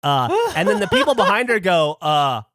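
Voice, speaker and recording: With a high-pitched voice at a moderate pace, a man hosting a podcast narrates a story in a lively, casual manner. He swears a lot and performs people's lines, and the studio-quality recording has no echo.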